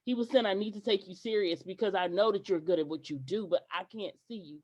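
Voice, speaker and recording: A woman guest on a podcast, telling stories in an animated way and acting out what people said, with some hesitant restarts. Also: mid-range voice, fast, dull audio. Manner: animated, acts out quoted dialogue. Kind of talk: podcast interview storytelling.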